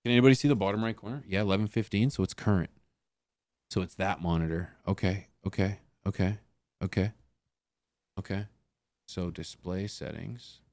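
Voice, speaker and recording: Man, streamer, low smooth voice, dry close mic, chatty and laughing. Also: normal speed, pauses often, a little mellow, no echo. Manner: laughing, muttering to himself while fixing tech. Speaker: livestream host. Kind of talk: casual livestream chat.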